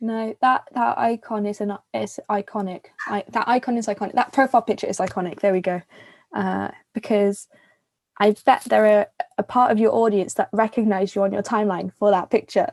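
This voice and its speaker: A woman's voice: medium pitch, steady tone, a little fast, darkish tone, dry recording. A bubbly English woman in her twenties hosting a casual video chat, gushing and talkative. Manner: chatty, bubbly, gushing compliments. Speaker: host.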